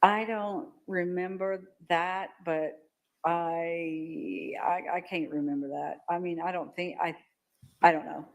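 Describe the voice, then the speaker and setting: An older woman testifying as a witness in a courtroom. She talks haltingly and often repeats words as she recalls events. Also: lowish voice, steady tone, low-quality recording. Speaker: trial witness.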